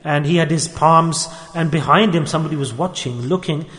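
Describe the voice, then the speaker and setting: Man, preacher, sermon, high pitch, emphatic storytelling, long hall reverb. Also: fairly quick, fairly bright tone. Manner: emphatic, rhetorical questions, storytelling. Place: large mosque.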